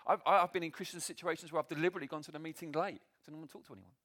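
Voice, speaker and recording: A man preaching a sermon to a church meeting, animated and self-deprecating, often breaking into laughter. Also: fairly high pitch, rapid-fire.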